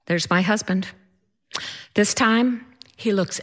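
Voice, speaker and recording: A woman's voice: lowish voice, expressive, measured pace, fairly bright tone. A woman telling a first-person story in a wry, self-mocking, vivid way.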